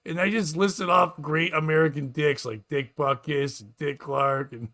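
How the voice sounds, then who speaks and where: Bright-voiced man riffing casually. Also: fairly high pitch, steady tone, normal speed, few pauses. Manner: rambling, profane, jokey. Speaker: podcast host and radio DJ. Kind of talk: casual comedic chat.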